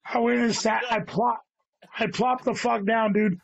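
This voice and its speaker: With a very high, gravelly voice and flat delivery, a guest comedian takes a measured pace through a long, rambling, casual story. He swears heavily and keeps saying "dude", and the sound is dull and lo-fi.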